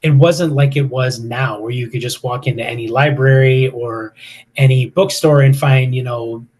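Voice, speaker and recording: A man's voice: mid-range voice, steady tone, moderate pace, a little mellow. A man in his fifties, a paranormal investigator, telling stories casually in an interview with many fillers and restarts.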